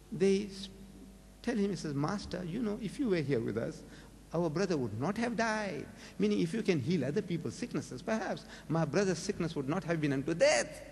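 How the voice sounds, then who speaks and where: Animated older man preaching in a reverberant hall. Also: gravelly, a little hiss or hum. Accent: South African. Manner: rhetorical questioning, dramatic rises in pitch. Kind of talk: public lecture on religion. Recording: lecture hall with long reverb.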